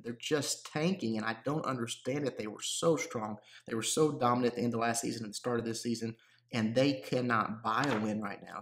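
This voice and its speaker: A man giving casual solo commentary on clan war results as a gaming YouTuber, relaxed and full of fillers and restarts. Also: medium pitch.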